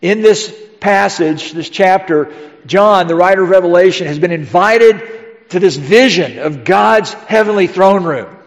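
A man's voice: high voice, a little slow. A middle-aged male pastor preaching a sermon in a conversational style, asking rhetorical questions of his congregation. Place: church sanctuary. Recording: dull church recording with long reverb.

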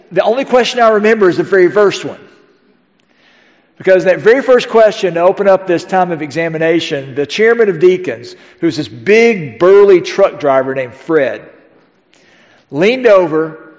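A middle-aged male pastor preaching a sermon in a conversational style, asking rhetorical questions of his congregation. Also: sits high. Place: church sanctuary. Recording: dull church recording with long reverb.

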